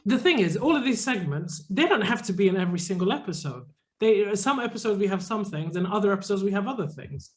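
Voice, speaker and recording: A man with a high voice co-hosts a casual podcast chat. He talks in a dry, teasing way, with easy fillers. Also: lively intonation, quick pace, few pauses. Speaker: podcast co-host.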